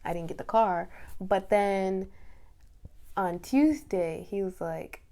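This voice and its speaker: A young woman telling a story casually, swinging between whispers and excited laughter. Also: mid-range voice, takes it slowly. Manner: animated, drops to whispers, bursts of laughter. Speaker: vlogger.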